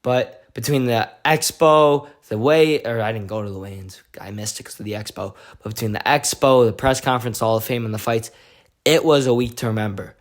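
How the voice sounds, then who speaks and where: A male vlogger giving an excitable, slangy recap of a fight week, full of "like"s. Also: medium pitch, brisk. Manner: excitable, slangy storytelling with many "like"s. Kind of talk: casual event recap vlog.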